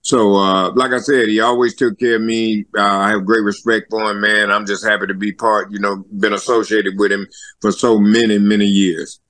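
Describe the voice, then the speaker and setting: A man's voice: fairly low pitch, level tone, moderate pace, fairly bright tone, dry recording. An older man co-hosting a podcast, telling old stories in a rambling, repetitive way. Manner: rambling, repeats words, chuckles through stories. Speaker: co-host. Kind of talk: casual storytelling chat.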